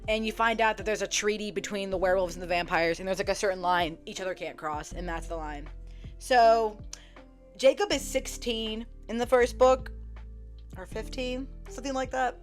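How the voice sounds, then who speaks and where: A young woman casually retelling a story to her viewers, chatty and profane, full of "like" fillers, acting out characters' lines in quick quotes. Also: mid-range voice. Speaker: book vlogger. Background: faint background music.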